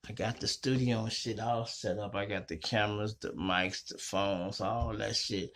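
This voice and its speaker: Bright-voiced man telling street stories. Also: on the low side, moderate pace. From Chicago. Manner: profane, slangy, animated retelling. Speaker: host. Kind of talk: casual storytelling monologue. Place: small home studio.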